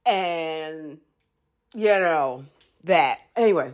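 A woman's voice: low voice, expressive, very slow. A woman hosting her solo podcast from home, giggly, losing her place, restarting and chewing as she talks. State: chewing food. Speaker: podcast host. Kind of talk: rambling solo podcast talk. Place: home, alone.

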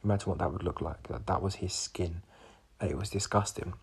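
A man's voice: low-pitched, a little fast, gravelly, husky. A man in his twenties hosting a podcast, telling a personal story in a rambling way full of fillers and restarts. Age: 20s. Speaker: podcast host.

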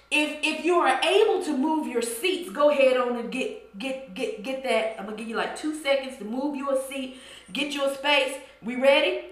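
Brief: woman host, high voice, animated and teasing, heavy room echo. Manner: animated, teasing, church-style call and response. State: out of breath. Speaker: podcast host. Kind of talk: playful podcast monologue, chanting dance calls. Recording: very echoey room.

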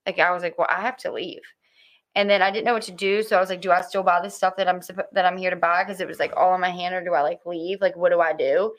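A woman telling a personal story in casual conversation, halting often with fillers and restarts. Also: lowish voice, fairly even intonation. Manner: hesitant, many fillers and restarts.

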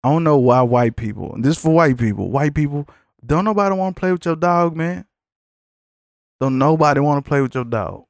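A man hosting a podcast, ranting in a blunt, profane, animated way in a casual chat. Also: fairly high pitch, fairly quick, vocal fry, no room sound, studio quality. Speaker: podcast host.

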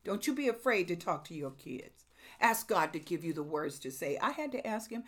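A middle-aged woman preaching a sermon in an animated, exclamatory way, with sudden loud rises. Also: on the low side, moderate pace.

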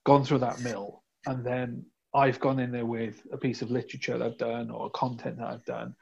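A man in casual podcast chat, telling stories with lively acted-out dialogue. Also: medium pitch, moderate pace, vocal fry, breathy edge, dull audio. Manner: animated storyteller, acts out quoted dialogue. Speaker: recruitment business owner.

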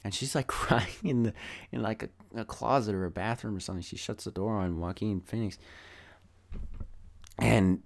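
A man's voice: fairly low pitch, moderate pace, creaky, long pauses. A man casually recapping a film, rambling and thinking aloud as he goes. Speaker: film reviewer.

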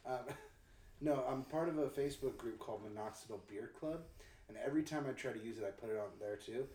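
Man, mid pitch, roomy echo, teasing, swears freely, casual chat. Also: brisk, mellow. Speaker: podcast co-host.

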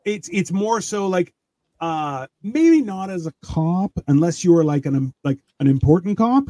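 A man chatting casually on a podcast, rambling with halting restarts and crude jokes. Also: sits high, lively intonation, dark tone. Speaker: podcast guest. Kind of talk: casual chat.

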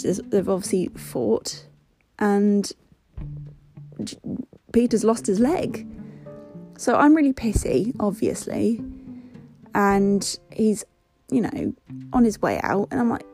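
A young woman hosting a podcast, telling a story in a candid, casual way, with swearing and an animated lift when she retells what was said. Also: medium pitch, takes it slowly, gravelly, long pauses, soft background music. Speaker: podcast host.

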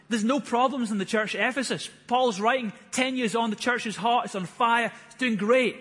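This sermon comes from a pastor in his thirties standing before a church hall, his fairly high voice a bit bright, slightly rough and husky, at normal speed. He speaks earnestly, building to emphatic, fervent bursts, and the hall's long reverb trails every line.

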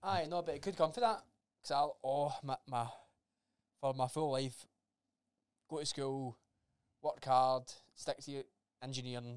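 A man's voice: mid-range voice, a little slow, clear, resonant tone, no echo, clean studio sound. A man co-hosting a podcast, talking in a blunt, sweary, matter-of-fact way. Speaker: podcast co-host. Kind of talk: casual podcast chat.

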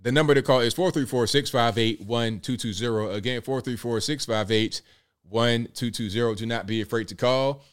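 A man's voice: mid-range voice, normal speed, smooth. A man hosting a live call-in show, reading out viewer comments and taking calls in an upbeat way. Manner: upbeat, reads out viewer comments and shout-outs. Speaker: show host.

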